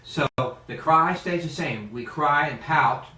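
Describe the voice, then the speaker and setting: A man's voice: on the high side, slow pace. A man teaching a singing lesson as a vocal coach, explaining technique and singing exercises to show how they go. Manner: animated, demonstrates exercises by singing. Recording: roomy, mic at a distance, piano playing.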